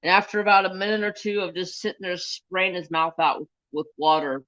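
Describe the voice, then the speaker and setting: Bright-voiced man telling a rambling story. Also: high-pitched, a little fast, no room sound. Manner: rambling, animated, swears freely. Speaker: craft stream host. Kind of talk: casual storytelling chat. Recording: slightly dull, lo-fi sound.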